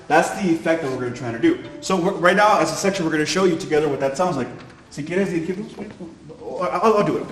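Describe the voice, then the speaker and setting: A man's voice: on the high side, quick pace. A man teaching a violin section in an upbeat, encouraging way, counting in and explaining dynamics. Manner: upbeat, encouraging, switches between languages. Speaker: violin instructor. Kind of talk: music lesson. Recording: echoey room with instruments playing.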